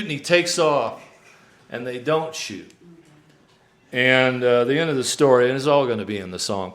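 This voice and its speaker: A man, a singer-songwriter, telling an animated story live on stage and acting out the people in it. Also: medium pitch, brisk. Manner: animated storyteller, acts out quoted voices.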